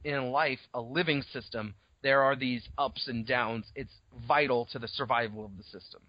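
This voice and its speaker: A man co-hosting a podcast, talking casually about a novel, swearing now and then and throwing in quick asides. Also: mid-range voice, fairly even intonation, muffled recording. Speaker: podcast co-host. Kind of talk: casual book discussion.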